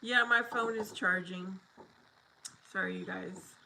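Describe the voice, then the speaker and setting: A woman hosts a relaxed livestream from her phone, chatting with viewers and reading their comments out loud. Her voice is bright and a little sharp, sitting at an ordinary middle pitch. She laughs easily and greets people by name. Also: takes it slowly, gravelly, slight background noise, poor audio. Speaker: livestream host. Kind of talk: casual live chat, reading viewer comments.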